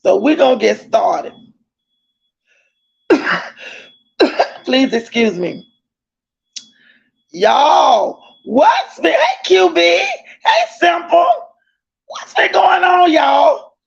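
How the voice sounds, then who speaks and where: A woman hosting a casual livestream, effusively greeting viewers by name and often calling out loudly, with the odd cough. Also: sits high, sing-song, very slow, gravelly, long pauses. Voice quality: coughs between lines. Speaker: livestream host. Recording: dull lo-fi stream audio.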